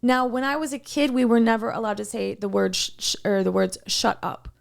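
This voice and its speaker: A woman's voice: a little high, a little fast, creaky. A woman co-hosting a podcast, telling a workplace story in casual, heated talk, swearing often. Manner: swears a lot, heated and animated retelling. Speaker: podcast co-host.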